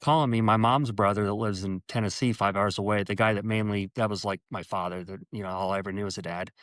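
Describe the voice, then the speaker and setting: Low-voiced man telling an earnest story. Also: fairly even intonation, fairly bright tone, no room sound. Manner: earnest, halting, with many restarts; acts out quoted dialogue with a jumping pitch. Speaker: interview guest. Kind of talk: personal storytelling in conversation.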